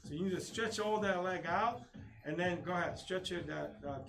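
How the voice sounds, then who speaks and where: A man teaching a live online taekwondo class, calling kick counts and drills with sharp shouts. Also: high voice, normal speed, creaky, far from the mic, a crowd in the background. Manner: coaching commands, loud kiai shouts. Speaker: taekwondo instructor. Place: training studio.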